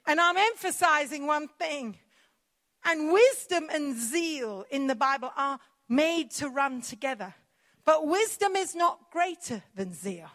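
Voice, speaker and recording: A woman preaches with fervent, insistent emphasis. Her voice sits high, and she drives her points home by repeating them. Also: lively intonation, unhurried, a bit bright. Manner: passionate, emphatic preaching with repetition. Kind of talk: sermon.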